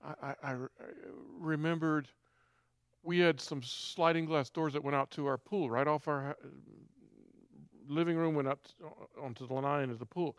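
A man's voice: on the high side, steady tone, moderate pace, clean tone, no room sound, clean studio sound. A middle-aged man telling a personal testimony in an earnest, confessional, conversational way. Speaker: speaker giving a personal testimony.

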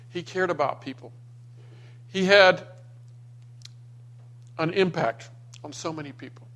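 Man telling family stories, a touch high. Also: fairly bright tone. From Florida. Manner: anecdotal, acts out quoted people. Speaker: speaker sharing memories of his father. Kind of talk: personal storytelling to a small gathering.

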